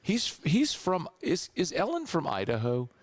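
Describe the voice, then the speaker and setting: A hoarse man with a Southern accent hosting a sports radio show, chatty and rambling. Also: fairly high pitch, huge pitch swings, unhurried. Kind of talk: casual sports radio talk. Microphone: studio microphone.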